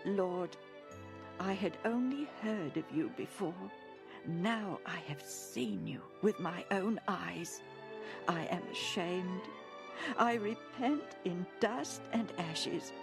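A woman's voice: fairly low pitch, slow pace, vocal fry, over music. A woman voicing tearful repentant old Job. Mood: pleading.

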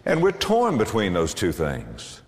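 A man preaching a sermon to a congregation, animated, with big swings and emphatic bursts. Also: lowish voice, measured pace, big-room sound. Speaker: pastor.

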